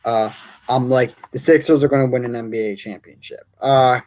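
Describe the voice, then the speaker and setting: A man's voice: medium pitch, steady tone, normal speed, noisy background. A man hosting a casual sports talk show. He is an opinionated fan who thinks aloud, corrects himself, and reads statistics off the screen.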